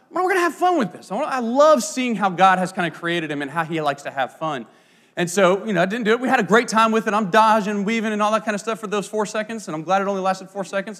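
A man in his thirties preaching a sermon, telling playful stories with many asides. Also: sits high. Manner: animated, playful storyteller with frequent asides. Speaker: pastor. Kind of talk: sermon with storytelling.

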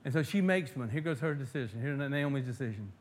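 A man preaching a sermon to his congregation. He swells loud and emphatic when reading scripture and drops to soft asides, often restarting and repeating words. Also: mid-range voice, lively intonation, fast. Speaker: pastor.

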